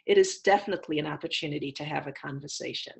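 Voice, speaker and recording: Low-pitched woman explaining health advice. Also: rapid-fire. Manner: clear, patient, teacherly explaining. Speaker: physician guest. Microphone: video call.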